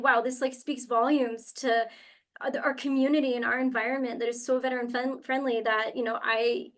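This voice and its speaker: Young woman telling a heartfelt personal story. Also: on the high side. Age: young adult. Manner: heartfelt and animated, with many fillers. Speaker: webinar panelist from a university career center. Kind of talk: personal story in a webinar panel.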